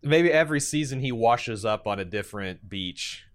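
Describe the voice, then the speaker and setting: A man's voice: mid-range voice, animated, moderate pace. A man co-hosting a podcast in casual chat, rambling and joking with some swearing. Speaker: podcast co-host.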